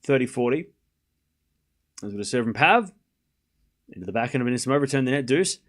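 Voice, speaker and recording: A man's voice: mid-range voice, expressive, fast. A man with an Australian accent hosting a live stream, giving casual commentary and chatting with viewers in a rambling, self-deprecating way, swearing now and then.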